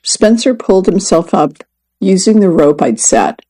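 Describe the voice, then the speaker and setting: A woman reading a first-person magazine story and article aloud in an even, measured way. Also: lowish voice, slightly rough, rough recording. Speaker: reader. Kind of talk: scripted narration of a magazine story.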